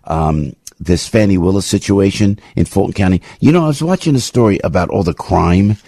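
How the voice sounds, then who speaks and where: A male radio show host delivering an impassioned, ranting commentary monologue, full of rapid restarts, into a studio microphone. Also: sits low, expressive, creaky, dark tone, husky, no room sound.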